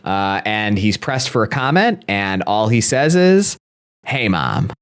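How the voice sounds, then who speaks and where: A man's voice: on the low side, big pitch swings, a little slow, clear, resonant tone. A young man co-hosting a podcast, recapping a film from his notes in a dry, self-deprecating way. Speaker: podcast co-host.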